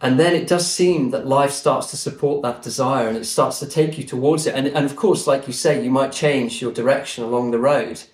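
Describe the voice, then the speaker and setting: A man guest on a podcast, telling a story in an earnest, animated way. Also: mid-range voice, a little fast, few pauses. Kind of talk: conversational storytelling. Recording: roomy echo.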